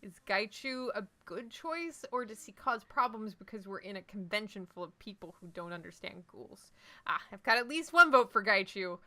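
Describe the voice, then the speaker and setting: Bright-voiced woman streaming a game. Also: medium pitch, expressive, normal speed. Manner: chatty, jokey, answers chat votes. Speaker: livestream host. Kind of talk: casual let's-play chat with live viewers.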